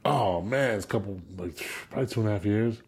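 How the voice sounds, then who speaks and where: A man's voice: lowish voice, quick pace, breathy edge. A man, a guest musician, telling anecdotes in a casual chat, laughing often and repeating words as he goes. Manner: animated storyteller, laughs a lot, repeats words.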